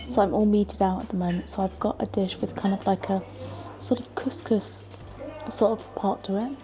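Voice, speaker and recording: A woman's voice: medium pitch, normal speed, music in the background. A woman from the UK, a travel vlogger, chatting casually to camera about a walk and her food. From United Kingdom. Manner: chatty, giggly, tipsy at times. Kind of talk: casual vlog chat to camera.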